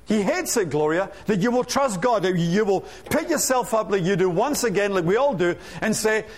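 A man preaching a lively sermon, full of rhetorical questions and humorous asides. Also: high voice, moderate pace, few pauses.

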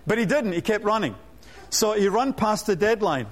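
High-pitched male preacher, energetic, asks rhetorical questions, jokes in his asides. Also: fast talker. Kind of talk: sermon.

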